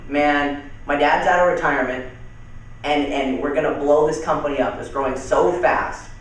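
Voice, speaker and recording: A young man giving casual, energetic sales training with stories, talking loosely and calling people dude and man, heard from far off in a very echoey room. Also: fairly high pitch, moderate pace. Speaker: network marketing trainer. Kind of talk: training talk with storytelling.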